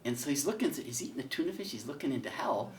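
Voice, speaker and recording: A man's voice: mid-range voice, sing-song, fast talker, roomy sound, a little hiss or hum. A man teaching a catechism class in a casual, folksy way, telling a joke and then making his points. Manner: storytelling, folksy, with fillers. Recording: voice picked up from a distance.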